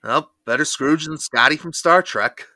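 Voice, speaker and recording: Bright-voiced man steering the chat. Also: on the high side, moderate pace, no room sound. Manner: steady, informative, guides the segments. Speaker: podcast co-host. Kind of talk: casual chat.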